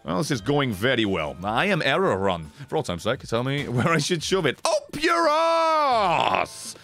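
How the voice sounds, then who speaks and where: British man, gaming streamer, lively swooping pitch, profane, excitable, effusive thanks, faint music behind. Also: brisk. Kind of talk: live gaming stream commentary.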